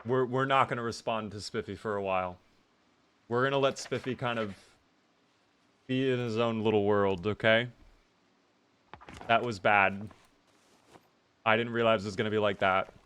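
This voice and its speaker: Excitable young man streaming a game. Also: lowish voice, moderate pace, long pauses, clean tone. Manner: excitable, reactive, thanks viewers often. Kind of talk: live gameplay commentary.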